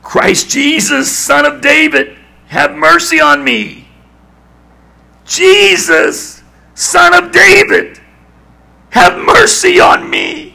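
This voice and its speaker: A man's voice: very high-pitched, vocal fry, voice pushed up, exaggerated voice. A preacher crying out as a desperate blind beggar man. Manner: shouting, drawn-out pleading cries.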